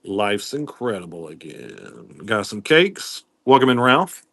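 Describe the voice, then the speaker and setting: A man's voice: fairly low pitch, wildly swooping pitch, takes it slowly, vocal fry, a bit bright, dry recording. A man hosting a live-stream pin sale in casual, rambling chat, greeting viewers by name as he goes.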